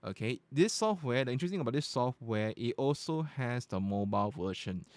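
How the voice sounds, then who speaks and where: Speaking into a USB podcast mic from close to medium range, this man demonstrates a product at his desk with animated, fairly quick delivery. His mid-range voice is a little mellow, there's no room sound, and he explains every feature step by step in a relaxed, chatty way.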